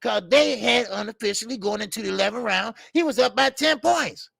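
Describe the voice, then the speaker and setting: Gravelly, profane older boxing host. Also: male voice, very high voice, brisk, fairly bright tone, no echo, clean studio sound. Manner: blunt, profane, rambling with stammered fillers. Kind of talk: casual live-stream commentary.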